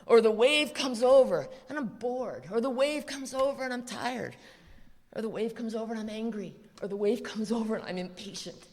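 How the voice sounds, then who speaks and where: A woman's voice: fairly high pitch, normal speed. An American woman giving a blunt, profane, emphatic recovery talk at a convention. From USA. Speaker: recovery speaker. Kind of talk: live speech at a convention. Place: large convention hall. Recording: echoey convention hall.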